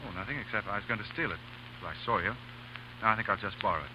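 A man voicing a pampered, prim young heir in a 1930s radio play, fussy and excitable. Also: fairly low pitch, very fast, poor audio. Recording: hissy old radio broadcast.

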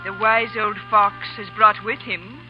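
A woman's voice: medium pitch, little pitch movement, a little slow, music in the background, natural voice, poor audio. Lady doing a russian spy woman, flirty and calculating, 1940s radio play. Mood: scheming.

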